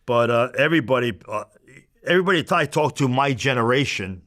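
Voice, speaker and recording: A man's voice: mid-range voice, lively intonation, a little fast, a bit bright. A man in his seventies, an interview guest telling a blunt, profane anecdote in punchy, casual storytelling. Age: 70s.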